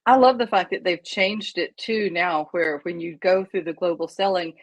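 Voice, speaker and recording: A woman's voice: lowish voice, normal speed, no echo. A woman guest on a webinar, talking in a casual and friendly way over a video call. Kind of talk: casual conversation.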